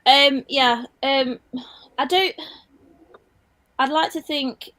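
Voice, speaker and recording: A woman's voice: sits high, slow, pushed and bright, dry recording. Woman, football fan, casual chat, filler-heavy, dry close sound. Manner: chatty, lots of fillers and restarts. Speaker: Leeds fan guest.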